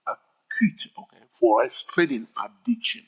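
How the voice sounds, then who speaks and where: Husky, lively-voiced male trading teacher. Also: medium pitch, moderate pace. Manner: emphatic, repetitive, peppered with "all right?". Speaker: trading educator. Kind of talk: informal teaching monologue. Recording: dull lo-fi recording.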